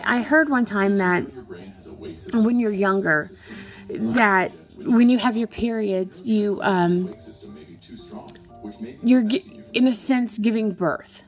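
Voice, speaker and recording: This is a middle-aged woman recording a personal confessional vlog. Her voice sits at an ordinary middle pitch. She talks in an earnest, halting way, pausing often and restarting her sentences. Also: a little mellow. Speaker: vlogger.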